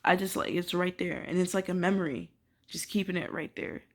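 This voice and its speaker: A young woman ranting casually to camera, filling her talk with "like" and swearing, swinging from quiet musing to loud disbelief. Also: lowish voice, steady tone, a little fast. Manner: emphatic, swears, many filler "like"s. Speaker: vlogger.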